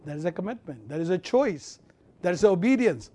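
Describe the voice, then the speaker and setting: With big swings in pitch, a high-voiced man preaches an impassioned sermon. He shifts from loud and emphatic to quiet and low, repeating phrases and drawing out crucial words slowly.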